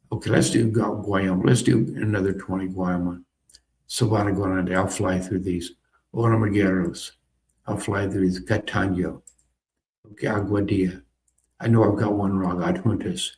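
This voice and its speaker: A man's voice: sits low, darkish tone. A man casually talking through a learning game as he clicks along, thinking aloud and repeating himself. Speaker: software demonstrator. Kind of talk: casual screen-recorded tutorial.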